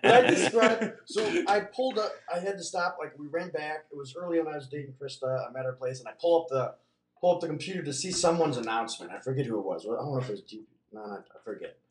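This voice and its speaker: Animated male podcast host in an echoey room. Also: a little high, quick pace, background noise. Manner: animated storytelling, swears freely. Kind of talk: casual sports chat.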